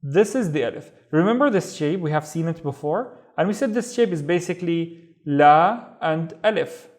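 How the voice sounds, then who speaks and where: A man's voice: fairly high pitch, animated, normal speed, a little mellow. A man with a Saudi accent teaching a beginner Arabic reading lesson, patiently sounding out and repeating words. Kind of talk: step-by-step language lesson.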